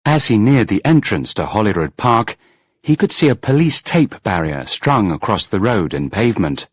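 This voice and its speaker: A man reads a storybook aloud in a measured, expressive way. His voice sits fairly low and has a husky, breathy grain, and his pitch moves a lot. The sound is close and dry, with no room. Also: no echo. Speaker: audiobook narrator. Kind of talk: scripted storybook narration.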